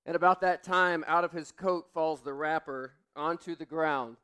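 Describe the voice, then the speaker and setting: A man's voice: fairly high pitch, fairly even intonation, normal speed, pushed and bright, clear, resonant tone. A man in his forties, a pastor, telling a family story in a sermon and acting out the voices in it.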